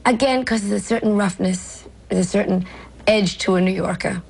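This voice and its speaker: A woman's voice: medium pitch, normal speed, creaky, darkish tone, husky, poor audio. An older woman, a comedian with a New York accent, telling stories in an interview with brash, self-mocking asides. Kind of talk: interview storytelling.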